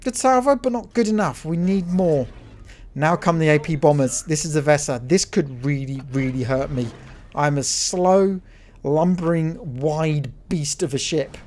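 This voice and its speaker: A man giving excitable play-by-play commentary over a naval battle game replay, cheering his teammate on and talking to viewers as folks. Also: fairly high pitch, a little slow, slight background noise. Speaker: gaming channel host.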